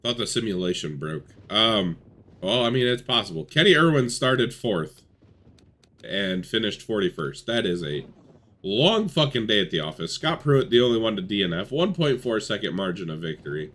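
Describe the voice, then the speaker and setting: A young man commentates a racing simulation in a casual, excitable way, cursing freely. His voice sits fairly low but has a bright, forceful edge. He swings between loud bursts of hype and low, mumbled asides. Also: normal speed. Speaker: gaming YouTuber.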